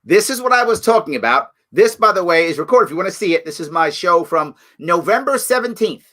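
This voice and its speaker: A man hosting his own political commentary livestream, talking in a sarcastic, animated, mocking way. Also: high voice, fairly quick. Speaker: show host.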